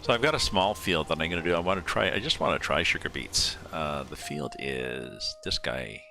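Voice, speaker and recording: A man streaming a farming game live, chatting casually and thinking aloud as he plays, mumbling asides and working out sums slowly. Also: rumbling low, animated. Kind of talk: casual live-stream commentary while playing. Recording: music playing clearly behind the voice. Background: background music.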